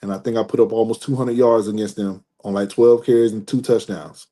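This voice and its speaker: A man in his forties, a former football player, telling a long story in a relaxed interview, restarting sentences often. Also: on the low side, brisk. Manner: animated storyteller, acts out dialogue, restarts often.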